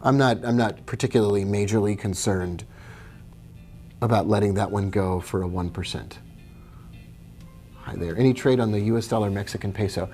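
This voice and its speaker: A man's voice: lowish voice, moderate pace, long pauses, a little mellow, soft background music. A man hosting a live trading stream, chatting casually, reading viewer questions and greeting them by name as he walks through charts.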